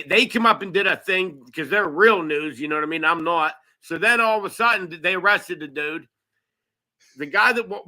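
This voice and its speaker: Guest, male, very bright, slightly high voice; profane rambling raconteur. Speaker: guest, local news video maker. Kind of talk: casual podcast chat.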